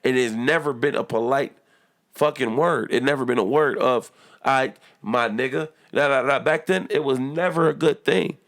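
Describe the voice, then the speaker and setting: A man's voice: medium pitch, normal speed, a bit bright. A man from the United States arguing heatedly and emphatically in a casual podcast debate, swearing freely. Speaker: podcast co-host.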